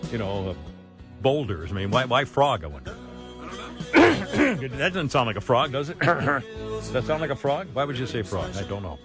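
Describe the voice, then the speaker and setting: A man hosting a talk radio show, wisecracking and laughing at his own jokes, with a frog in his throat. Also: mid-range voice. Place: radio studio. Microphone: studio microphone.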